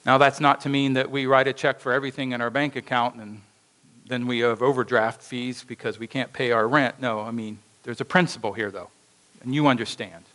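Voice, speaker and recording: A man's voice: medium pitch, a little fast, rough recording. A male pastor delivering a sermon in a church, telling a story and acting out its voices with animation. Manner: animated storytelling with acted quotes.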